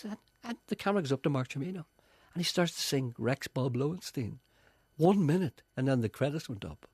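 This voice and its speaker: A man's voice: mid-range voice, a little fast, breathy edge, dry recording. A middle-aged man, a radio presenter chatting comically and slipping into mock voices. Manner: animated, slips into mock voices.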